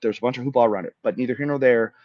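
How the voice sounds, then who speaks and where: A man's voice: mid-range voice, a little mellow, dry recording, dull audio. A man in his thirties from Florida, a podcast guest and army veteran, telling his story bluntly and with swearing. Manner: blunt, swearing, fast-building retelling. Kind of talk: emotional storytelling in conversation.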